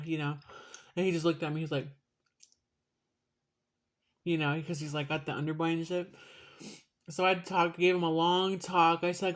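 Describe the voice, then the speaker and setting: A woman's voice: low-pitched, fairly even intonation, moderate pace, pauses often. A woman talking to her viewers in a casual home vlog, emotional and rambling, swearing casually. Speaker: vlogger. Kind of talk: casual vlog while eating.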